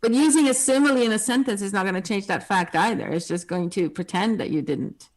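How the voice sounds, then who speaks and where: A woman in a casual discussion who asks questions and pushes back quickly. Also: medium pitch, poor audio.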